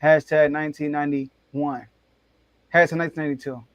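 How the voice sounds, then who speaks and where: A man hosting a casual sports debate show, telling stories in an animated, excitable way with big jumps in his voice. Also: a little high, fairly quick, no echo.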